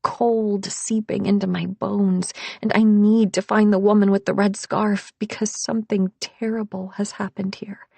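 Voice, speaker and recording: A woman narrating a first-person thriller audiobook in a hushed voice that often drops to a whisper. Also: medium pitch, little pitch movement, unhurried, gravelly, breathy edge, dry recording.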